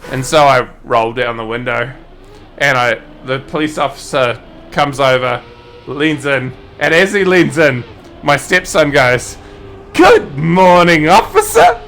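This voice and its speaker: Brief: male New Zealand streamer, bright mid voice, loose rambling storyteller, light music underneath. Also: mid-range voice, a little slow. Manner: rambling, swears casually, self-correcting. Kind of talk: casual storytelling while gaming.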